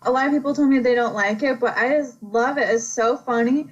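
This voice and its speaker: A woman chatting casually as a podcast guest, animated, laughing often and acting out quotes. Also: fairly high pitch, fairly quick, slightly rough, muffled recording. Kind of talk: casual chat.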